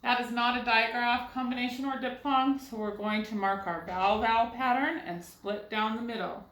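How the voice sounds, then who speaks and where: A woman's voice: on the high side, moderate pace, a bit bright, reverberant, poor audio. A woman teaching a recorded first grade phonics lesson, patiently sounding words out syllable by syllable and asking guiding questions. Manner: asks rhetorical questions to guide young students.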